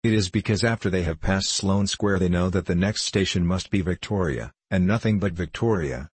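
A man's voice: sits low, normal speed, breathy edge, dry recording. A man voicing a supercilious, sarcastic male anarchist poet in an audiobook reading. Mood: mocking.

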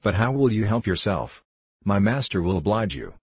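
An anxious, motherly older housekeeper, read by a man who warns gently. The voice is very low and husky. It is recorded close and dry. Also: sing-song, moderate pace, no echo, heavily acted. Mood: worried. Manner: worried, cautioning. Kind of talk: audiobook character reading.

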